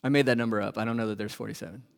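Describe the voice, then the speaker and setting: He preaches as a pastor in a lowish, steady-toned voice with vocal fry, speaking rapid-fire. He asks the congregation questions and alternates loud emphasis with quiet, hushed lines.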